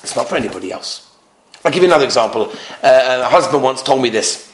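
Man, rabbi, animated lecture, emphatic repetition, roomy echo. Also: medium pitch, fast. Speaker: rabbi giving a talk on marriage. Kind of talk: lecture with anecdotes.

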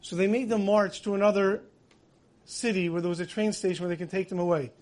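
A high-voiced man preaches through vivid storytelling, recounting dramatic events with feeling and slipping into the voices he quotes. He swings between loud emphasis and hushed moments, with fairly even intonation at a fairly quick pace.

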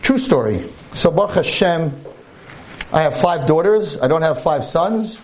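A man's voice: on the high side, expressive, a little slow, slight background noise. A man giving a storytelling holiday sermon, humorous and preachy by turns. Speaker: speaker at a holiday talk.

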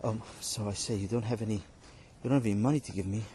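A man's voice: fairly low pitch, fairly even intonation, fast talker, warm tone, a little hiss or hum, pitched below the performer's own voice, lightly acted. A man voicing a poor, timid farmhand who hesitantly pleads for his wages. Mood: timid pleading. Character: poor timid male farmhand asking for pay.

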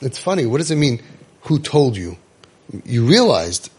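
A man's voice: mid-range voice, moderate pace, slightly rough. A man giving a Torah class. He reads Hebrew verses, explains them in English and keeps asking his listeners rhetorical questions. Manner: animated, asks rhetorical questions, mixes Hebrew quotes with English. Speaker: Torah teacher.

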